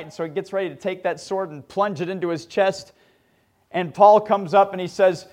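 A man preaching a sermon, retelling Bible stories with lively acted-out scenes and ending in prayer. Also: high-pitched, moderate pace. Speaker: pastor.

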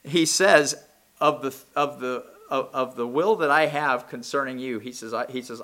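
A man preaching a sermon, swinging between impassioned near-shouts and low, quiet asides. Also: moderate pace.

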